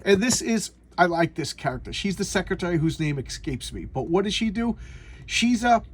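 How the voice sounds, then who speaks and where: Husky guy kinda high voice rambling thru a comic review, keeps tripping on words. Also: very animated, normal speed. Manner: rambling, stumbling over words and names. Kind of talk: casual comic review chat.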